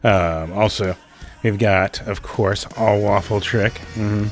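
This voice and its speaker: Guy hosting his music show, low voice, swears and laughs a lot, soft music under him. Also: steady tone, takes it slowly. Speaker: host. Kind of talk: casual podcast chat.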